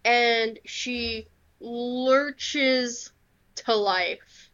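Woman game master narrating the scene, slow and a bit high, dull lo-fi recording. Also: a bit bright, clean tone. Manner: unhurried, with fillers.

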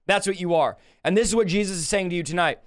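A man preaching a livestreamed sermon, emphatic and impassioned, slowing down to draw out scripture quotes and rising sharply when he rebukes. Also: high-pitched. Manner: slows to drawn-out delivery when quoting scripture.

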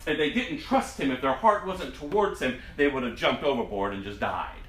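A man's voice: medium pitch, animated, moderate pace, fairly bright tone. A man preaching a sermon in a dramatic, emphatic way, his voice rising and falling sharply. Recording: echoey room, distant mic.

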